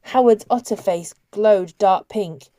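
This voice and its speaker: A woman narrating an audiobook in a steady, expressive storytelling manner. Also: mid-range voice, slow, dry recording, studio quality.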